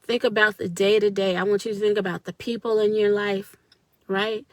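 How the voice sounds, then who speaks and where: A woman's voice: mid-range voice, flat delivery, moderate pace, no room sound. A woman giving an earnest, spiritual motivational talk on a live video and speaking straight to her viewers. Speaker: wellness speaker.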